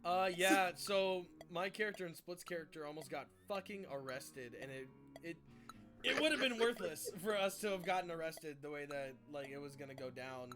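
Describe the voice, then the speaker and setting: A woman's voice: fairly low pitch, normal speed. Woman game master on a stream, loose and profane, faint music behind. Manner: swears freely, laughs often. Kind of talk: casual stream chat.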